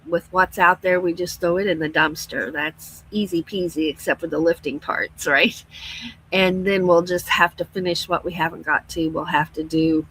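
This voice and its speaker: A woman's voice: fairly low pitch, sharp tone, husky, low-quality recording. A middle-aged woman chatting casually on her livestream, laughing often and reading out viewer comments. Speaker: livestream host. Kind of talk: casual live-stream chat.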